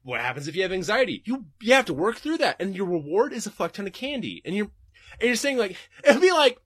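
Lively, sharp-voiced ranting man. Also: high voice, fast talker, no room sound, studio quality. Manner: profane, animated ranting. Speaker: podcast host answering listener questions. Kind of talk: casual rant. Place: home desk.

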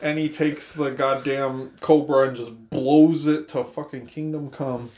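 A man's voice: mid-range voice, flat delivery, unhurried, a little mellow. Laid-back man recapping a movie, swearing. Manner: profane, laid-back retelling with acted-out quotes. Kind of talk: casual movie recap chat.

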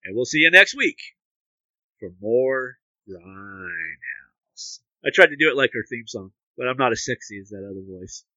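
Bright-voiced man co-hosting a podcast. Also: mid-range voice, lively intonation, moderate pace, no echo, highs cut off. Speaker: podcast co-host. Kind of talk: casual podcast chat.

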